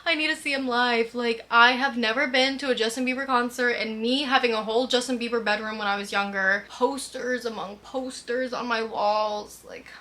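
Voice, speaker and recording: Young female vlogger, high-ish bright voice, giggly fangirl storytime energy. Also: moderate pace, hardly any pauses. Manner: gushing, giggly, animated fangirl talk. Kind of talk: casual chatty storytime.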